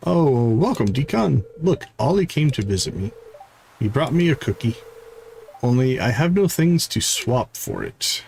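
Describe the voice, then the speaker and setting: A man voicing an excitable newcomer with halting, broken grammar while reading game dialogue aloud. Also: mid-range voice, vocal fry, a little hiss or hum. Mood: earnest. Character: eager newcomer speaking broken, simple sentences.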